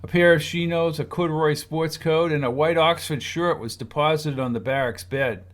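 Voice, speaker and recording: A man narrating a story in a steady, scripted reading. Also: a little high, moderate pace. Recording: noisy recording.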